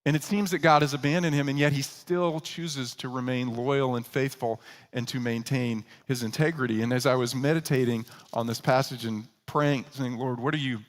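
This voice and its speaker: Animated male pastor preaching. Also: mid-range voice, moderate pace, big-room sound. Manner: animated storytelling, acting out quoted characters. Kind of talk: sermon.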